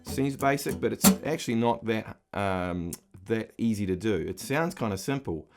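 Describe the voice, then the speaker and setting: In an animated, somewhat low voice at a normal pace, a middle-aged guitar teacher patiently walks through a lesson, counting beats as he plays. Loud strumming from his acoustic guitar runs under everything he says.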